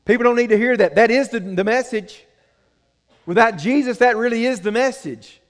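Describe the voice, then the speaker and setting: A man's voice: very high voice, moderate pace, big-room sound. A man preaching a sermon as pastor, earnest and conversational, asking the congregation questions.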